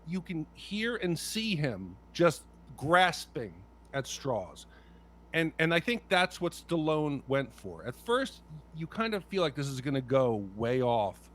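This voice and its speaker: A man co-hosting a casual movie podcast, talking passionately and bluntly, swearing freely. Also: medium pitch. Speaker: podcast co-host.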